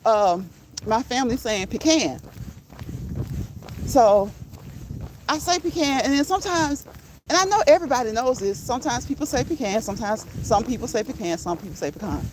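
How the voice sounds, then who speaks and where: A woman's voice: fairly high pitch, animated, fairly quick, a little mellow, slight background noise. A woman who grew up in the northern United States, chatting casually while walking outdoors, laughing often and playfully repeating words. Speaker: vlogger. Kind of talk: casual walk-and-talk vlog. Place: outdoors on a rural walk.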